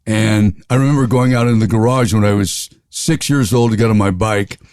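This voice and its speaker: Older Southern-raised radio veteran, interview guest, loves jokes and silly voices; dry close mic. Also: male voice, on the low side, normal speed, a little mellow, no room sound. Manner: jokey, playful voices, laughs often. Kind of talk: storytelling interview.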